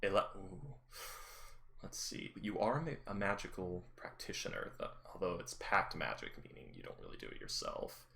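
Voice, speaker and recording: A man's voice: low-pitched, big pitch swings, normal speed, vocal fry, bright, forceful tone. A man narrating a tabletop game as game master, rambling and correcting himself with many fillers.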